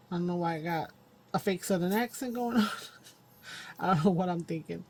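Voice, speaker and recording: A woman with a lowish voice talks through her craft project in a loose, rambling way, thinking out loud as she works with her hands. It's casual vlog chatter from a home craft table, with a faint hum of room noise behind her. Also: moderate pace, pauses often. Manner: rambling self-talk while working with her hands. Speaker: crafting channel host.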